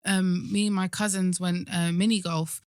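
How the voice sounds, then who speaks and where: A woman's voice: lowish voice, little pitch movement, moderate pace, darkish tone, clear, resonant tone, no echo, clean studio sound. A young woman, co-hosting a casual podcast chat with wry remarks. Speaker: podcast co-host.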